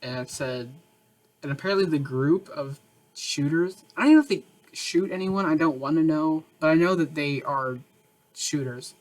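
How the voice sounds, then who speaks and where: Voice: medium pitch, moderate pace, poor audio. A podcast co-host in casual chat, sarcastic and jokey, often mocking other people's voices.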